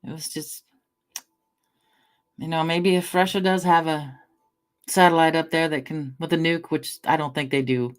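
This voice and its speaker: A woman's voice: low-pitched, fairly even intonation, moderate pace, pauses often. A middle-aged woman from the American Northwest, chatting casually on a livestream. She rambles through anecdotes, swears casually and answers her chat.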